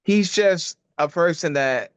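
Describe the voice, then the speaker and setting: A man's voice: fairly high pitch, takes it slowly, clean tone, no room sound. An older man, a guest actor, telling stories in a casual interview, rambling and searching for words, laughing often. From United States.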